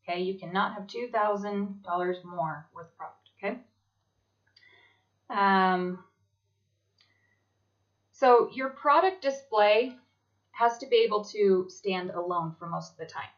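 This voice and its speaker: A woman's voice: medium pitch, a little slow, long pauses, muffled recording. A woman giving casual instructions to fellow sellers, often checking in with "okay?". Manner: chatty, repeats "okay?" to check in. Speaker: direct sales consultant.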